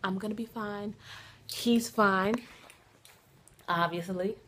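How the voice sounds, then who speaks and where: A woman's voice: medium pitch, steady tone, slow pace, fairly bright tone, a little hiss or hum. A mother chatting animatedly in a casual vlog, recorded on a phone inside a moving minivan. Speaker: mother and vlogger. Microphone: phone camera.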